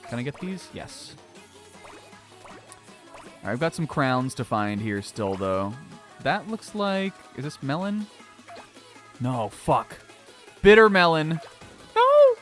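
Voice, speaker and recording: A man's voice: medium pitch, big pitch swings, unhurried, pauses often. A man streaming a video game in a casual, rambling way, swearing often and laughing a lot. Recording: faint game music behind.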